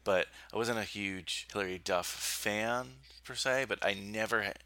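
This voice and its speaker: A man's voice: lowish voice, measured pace. A man hosting a podcast in casual chat, talkative and laughing often. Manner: chatty, laughs often, lively delivery. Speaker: podcast host.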